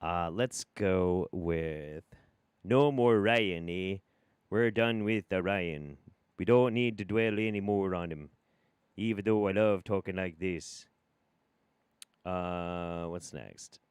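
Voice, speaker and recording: A man hosting a live stream, giving sarcastic commentary, often laughing and swinging from loud bursts to quiet mutters. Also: low voice, slow pace, clean tone, no room sound. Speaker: streamer host.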